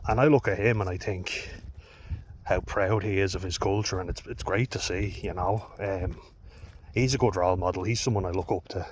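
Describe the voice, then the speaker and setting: A man's voice: low voice, steady tone, moderate pace, background noise. An Irish man who coaches youth rugby, talking casually to camera in a rambling, frank way, with fillers and the odd swear word. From Ireland.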